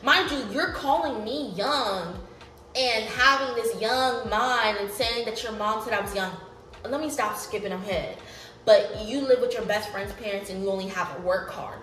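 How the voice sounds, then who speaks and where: A young woman telling a story in a lively, profane way, often breaking into laughter. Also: fairly high pitch, moderate pace. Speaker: vlogger. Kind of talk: storytime vlog. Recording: roomy, off-mic, faint music behind.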